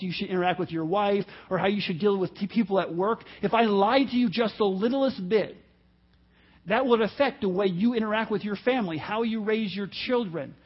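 Guy preaching a sermon, pretty high voice, earnest, repeats stuff, muffled lo-fi audio. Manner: earnest, repeats phrases, acts out quoted voices. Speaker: pastor. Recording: dull lo-fi audio.

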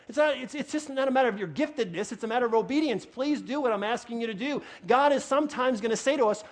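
A man's voice: very high-pitched, fast, few pauses. A man preaching a sermon with a New York accent, getting worked up and repeating phrases for emphasis. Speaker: pastor.

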